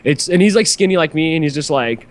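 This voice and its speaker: A man's voice: on the high side, lively intonation, quick pace. A man on a podcast telling a long story in a rambling, profane way, full of "like" fillers. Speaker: podcast host. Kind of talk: casual storytelling chat.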